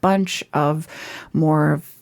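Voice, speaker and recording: Chatty woman with a lowish voice. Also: drawn-out words, vocal fry. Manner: chatty, animated, laughs easily. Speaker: guest actress. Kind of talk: casual interview chat.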